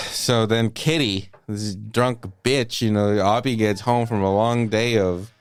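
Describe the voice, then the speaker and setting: A man co-hosting a movie podcast, retelling film scenes in a casual, profane, animated way. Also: on the low side, takes it slowly, clean tone. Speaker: podcast co-host.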